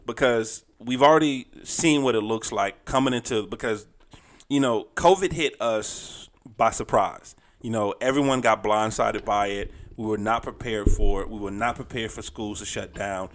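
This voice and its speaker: Easygoing man co-hosting a podcast. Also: fairly low pitch. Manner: teasing, repeats phrases for emphasis. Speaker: podcast co-host. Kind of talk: casual podcast chat.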